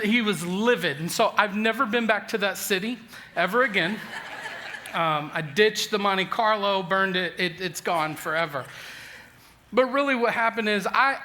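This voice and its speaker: A man in his forties preaching a sermon, telling a funny personal story with lively self-deprecating humor and frequent restarts. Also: high-pitched. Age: 40s. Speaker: pastor.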